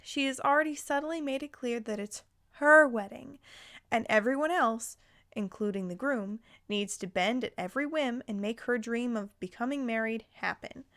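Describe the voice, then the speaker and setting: A woman with a fairly high voice reads online posts aloud and reacts to them as a vlogger. She talks casually with plenty of fillers and turns blunt and fiery, swearing freely as she gives her opinion. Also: normal speed, a bit bright. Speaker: commentary vlogger.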